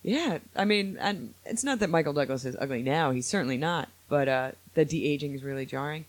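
A man hosting a podcast in casual chat, opinionated and animated, quick to laugh. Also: fairly high pitch. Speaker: podcast host.

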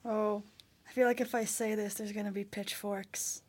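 A young adult woman co-hosting a podcast, who talks hesitantly in casual chat and trails off into quiet asides. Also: medium pitch, flat delivery, moderate pace, slightly rough.

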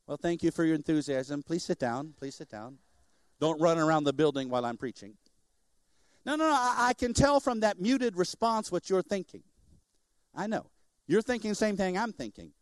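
A middle-aged man, a missionary preacher, giving an animated sermon in church and joking with the congregation. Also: fairly high pitch, measured pace, dry recording, studio quality.

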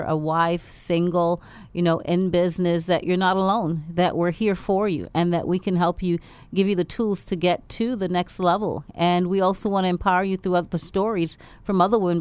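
An encouraging woman promoting an event on the radio, with a low, smooth voice. The sound is dry and close to the mic. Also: a little mellow, no room sound. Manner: encouraging, affirming. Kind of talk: radio interview guest.

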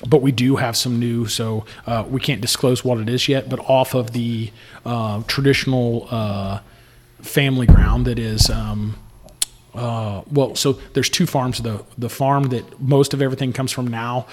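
A man's voice: medium pitch, steady tone, unhurried, darkish tone, big-room sound. A man telling stories in casual podcast chat, rambling with fillers and laughing often. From Indiana. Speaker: distiller. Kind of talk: casual storytelling.

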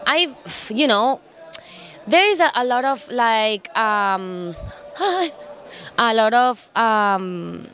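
Woman guest, English, pitched a touch high, hunts for words, playful. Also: expressive, extremely slow, fairly bright tone, a little hiss or hum. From Cuba. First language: Spanish. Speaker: singer, interview guest. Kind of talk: casual interview chat.

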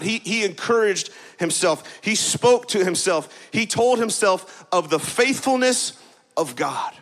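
A male pastor preaching a sermon in a lively, conversational way, often adding "right?" and getting the congregation to repeat words back. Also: high voice, a little slow. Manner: energetic, conversational preaching with frequent "right?" asides. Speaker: campus pastor.

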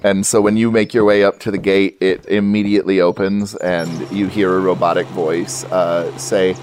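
A man narrating a tabletop role-playing game as game master, halting with many fillers. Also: sits low, little pitch movement, darkish tone, a little hiss or hum.

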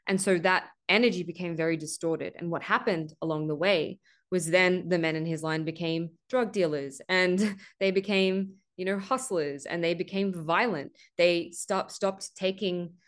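A woman with a notably low voice hosts a spiritual podcast, speaking earnestly and at length. She leans on a repeated "right?" and drops swear words for emphasis. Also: steady tone, normal speed. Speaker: podcast host. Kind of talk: spiritual monologue.

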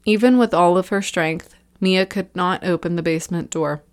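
Horror story narrator: a woman with steady, measured scripted narration. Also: fairly low pitch.

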